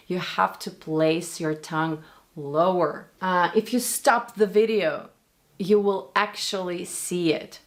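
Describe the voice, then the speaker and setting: Slow, careful Russian-accented woman teacher. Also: on the low side. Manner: demonstrates sounds slowly, repeating words and single sounds. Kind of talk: pronunciation lesson commentary.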